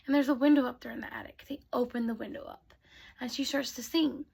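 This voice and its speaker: A woman telling bedtime stories to children in a soft voice that often drops to a whisper. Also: on the high side, fairly even intonation, fast, vocal fry, husky. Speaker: storyteller. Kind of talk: bedtime storytelling.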